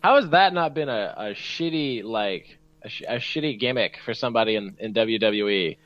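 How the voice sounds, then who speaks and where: A man's voice: fairly low pitch, lively intonation, moderate pace, a bit bright, no echo, dull audio. A man co-hosting a casual podcast, teasing and swearing casually, with lots of fillers. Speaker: podcast co-host.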